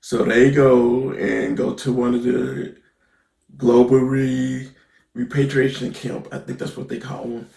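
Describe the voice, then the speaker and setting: A TV episode reviewer recaps an episode in loose, conversational slang, relying on fillers like "basically" and "right?" to keep things moving. His medium-pitched, gravelly, creaky voice is flat, a little slow and dark, echoing around the room.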